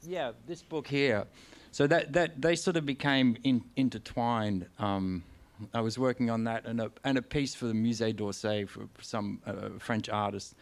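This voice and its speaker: A man's voice: mid-range voice, fairly even intonation, moderate pace. A man with an Australian accent, talking on a venue stage in a live conversation, telling stories candidly and rambling with lots of restarts and casual swearing. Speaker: guest author.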